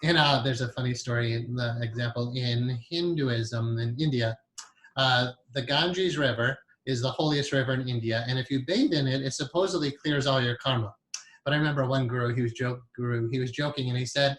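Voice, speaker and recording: A hypnotherapy teacher lectures his class in a chatty, rambling way, full of fillers and self-corrections. His voice has a medium pitch and fairly bright tone, and he talks a little fast.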